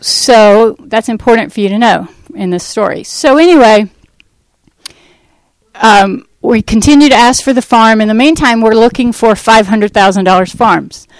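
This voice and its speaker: Woman, slightly high voice, dry close sound; church testimony, lively storyteller who acts out dialogue. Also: moderate pace, no echo, rough recording. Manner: animated storytelling that acts out quoted speech; rambling, with fillers and restarts. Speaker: Christian ministry speaker. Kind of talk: personal faith testimony to a church audience.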